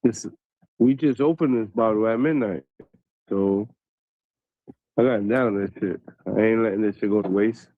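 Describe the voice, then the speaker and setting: A man's voice: fairly low pitch, moderate pace, long pauses, no echo, phone-quality sound. A man in casual chat, laid-back, answering in short lines between laughs.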